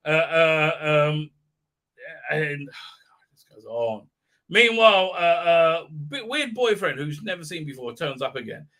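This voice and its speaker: A man's voice: a little high, sing-song, slow pace, bright, forceful tone. A man recapping a show on a live stream, mocking it and acting out the characters in silly voices, with many fillers.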